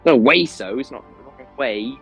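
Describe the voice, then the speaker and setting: A man appearing as a guest on a casual gaming podcast, joking around and quick to laugh. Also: medium pitch, expressive, gravelly, fairly bright tone, slightly rough, faint music behind, poor audio.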